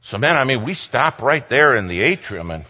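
A man telling a humorous personal story in an animated way, acting out the people in it. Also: medium pitch, normal speed, muffled recording. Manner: animated, acts out quoted voices, repeats himself.

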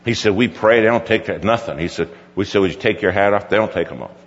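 A man's voice: on the low side, fast talker. A middle-aged male pastor telling a folksy story in a sermon, quoting his son at length. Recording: dull recording with hall reverb.

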